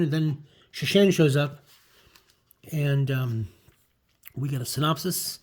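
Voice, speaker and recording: A man talks through an old comic book in a loose, rambling way, full of fillers. His voice sits a bit higher than most men's. Casual and chatty. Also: fairly even intonation, unhurried, long pauses, darkish tone.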